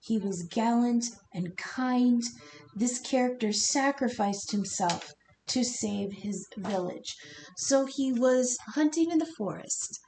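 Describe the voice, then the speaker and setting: A woman's voice: a little high, lively intonation, takes it slowly, mellow, a little hiss or hum, poor audio. A middle-aged woman giving a casual tarot reading and telling a folk tale, rambling with fillers and restarts. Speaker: tarot reader.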